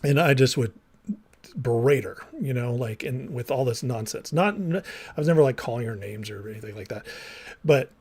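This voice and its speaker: A man's voice: mid-range voice, normal speed, darkish tone, breathy edge. A man who was a minister and counselor tells his own story to viewers in a candid, rambling way, often saying "like," restarting sentences and acting out remembered dialogue. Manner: heavy use of "like" and restarts. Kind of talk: personal storytelling monologue to viewers.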